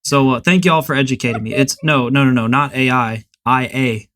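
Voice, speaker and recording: A man's voice: medium pitch, fairly quick, a bit bright. Man rambling casually with hesitations. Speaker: podcast host. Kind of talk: casual podcast chat.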